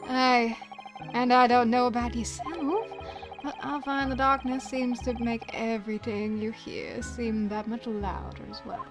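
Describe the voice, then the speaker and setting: A woman's voice: fairly high pitch, fairly even intonation, measured pace, over music. A woman doing a folksy Irish man. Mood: reminiscing. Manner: folksy old-fashioned phrasing, accent attempt fading to American. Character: kindly Irish man, reminiscing and sentimental. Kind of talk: game dialogue read aloud.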